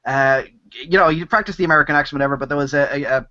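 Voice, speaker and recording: A man with a Dublin accent rambles through an anecdote on a group video call, restarting his sentences and leaning on "you know." His voice sits a touch high and sounds very bright. The sound is dry and muffled, like a headset on an online call. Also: racing, dry recording. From Ireland. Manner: rambling storyteller, many fillers and restarts. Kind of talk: casual video chat.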